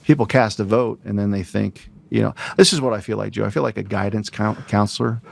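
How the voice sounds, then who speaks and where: Gravelly-voiced male guest. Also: on the low side, steady tone, fairly quick. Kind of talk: casual political talk.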